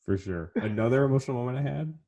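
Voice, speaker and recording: A man in casual podcast chat, talking earnestly and emotionally in relaxed slang. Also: medium pitch, racing, dull audio. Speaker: podcast guest or host.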